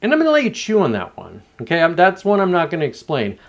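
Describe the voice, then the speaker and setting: A man's voice: a little high, wildly swooping pitch, fast talker, creaky. A man hosting his own show from home, rambling through casual commentary with plenty of swearing and restarts. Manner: rambling, profane, self-interrupting. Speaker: show host. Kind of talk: casual political commentary monologue.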